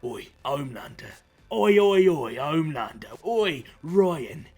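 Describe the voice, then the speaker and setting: A man putting on a loud, gruff tough guy. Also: a little high, sing-song, slow pace, voice pushed up, full character voice. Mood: taunting. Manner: shouting taunts, rough and clipped.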